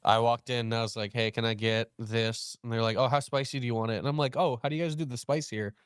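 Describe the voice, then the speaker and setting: A man's voice: fast, clear, resonant tone, dry recording, clean studio sound. A young man hosting a casual chat, telling a story and acting out both sides of the dialogue. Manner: animated, acts out quoted dialogue with pitch jumps. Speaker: host.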